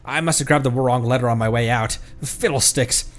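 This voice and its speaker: A man voicing a flustered, hurried middle-aged father who uses fussy old-fashioned exclamations. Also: medium pitch, lightly acted.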